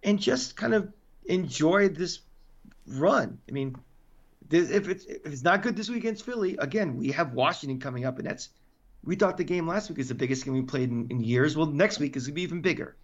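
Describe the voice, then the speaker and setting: A man with a fairly high voice rants emphatically in casual sports chat, pushing each point hard. The audio is dull and lo-fi, like a modest home podcast setup. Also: fairly quick. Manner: animated, emphatic, ranting. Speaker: podcast co-host.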